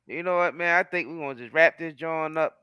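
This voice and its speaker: A male host with a smooth, clear, bright voice and a slightly raised pitch. He talks in a relaxed, slangy way and often says things twice. The sound is close and dry, over a video call. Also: a little fast, dry recording. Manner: laid-back, slangy, repeats phrases. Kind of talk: casual chat on a live online show.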